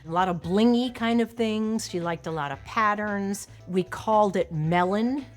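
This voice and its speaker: With soft background music and a close mic, a woman's mid-range voice moves at a moderate pace. She's an actress from Long Island, New York, looking back casually in an interview, frank and quick to poke fun at herself.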